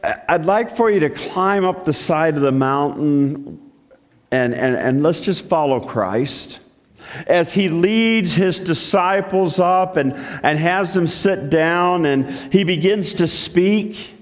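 A man preaches a sermon with an unhurried, drawn-out delivery. His pitch sits a little high and swings widely as he tells the story. A long reverb trails behind him, as in a hall. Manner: animated storytelling with repeated restarts.

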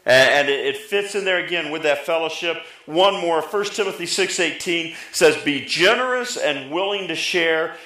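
A middle-aged man preaching a sermon as pastor, lively, often rising in pitch for emphasis and drawing answers from the congregation. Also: moderate pace, hardly any pauses, roomy sound, poor audio. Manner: lively, pitch jumping up for emphasis, talks back and forth with the congregation.

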